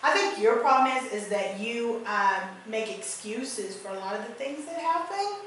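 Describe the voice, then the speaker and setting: A woman psychic host gives earnest, emphatic advice in a relaxed conversation. Her voice is picked up from a distance in a very echoey room, with a faint hiss behind it. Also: fairly high pitch, moderate pace. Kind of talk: casual spiritual advice chat.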